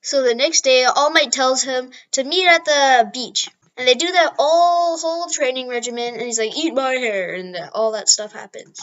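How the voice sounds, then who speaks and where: High-pitched woman improvising a fan story offhand, loose and rambling. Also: normal speed, few pauses, a bit bright, highs cut off. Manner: rambling, with frequent restarts and apologies.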